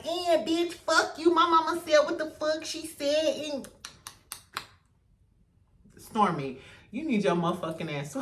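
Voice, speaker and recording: A woman hosts a gossip show, sassy, profane, quick to laugh. Her pitch swings widely as she tells the story. She sits back from the mic in a roomy, echoing space. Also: pushed and bright, distant mic, slight background noise. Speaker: host. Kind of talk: casual reality TV gossip commentary.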